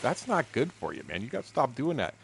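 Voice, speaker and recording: A man in his sixties telling profane stories casually while streaming a fishing game, acting out shouted quotes. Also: medium pitch, wildly swooping pitch, a little fast, vocal fry, a little hiss or hum. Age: 60s. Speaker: gaming streamer. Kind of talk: casual storytelling while gaming.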